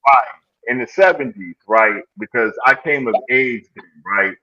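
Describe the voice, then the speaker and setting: A man's voice: mid-range voice, unhurried, bright, forceful tone, highs cut off. A man in his sixties hosting a casual live group chat, telling stories and checking in with "right?" as he goes. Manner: storytelling, keeps checking in with "right?".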